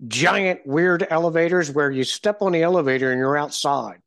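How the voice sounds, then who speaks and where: A middle-aged man hosts a casual podcast, rambling through stories with self-mocking humor. His voice sits a little higher than most men's. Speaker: podcast host. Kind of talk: casual storytelling and show intro.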